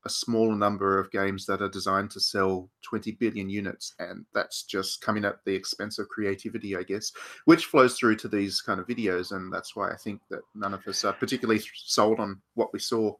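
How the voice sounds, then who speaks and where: A man's voice: lowish voice, fairly even intonation, brisk, a bit bright. A man co-hosting a casual podcast panel discussion, talking in a thoughtful, rambling way with frequent restarts.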